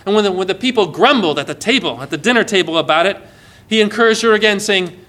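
A man preaching a sermon in an earnest way, often dropping soft and low as he quotes. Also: lively intonation, fast.

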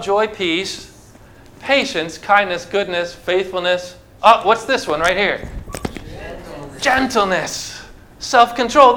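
A man's voice: high voice, sharp tone. A man preaching a sermon to a congregation, asking rhetorical questions and talking them through simple object lessons. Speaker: pastor. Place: church before a congregation.

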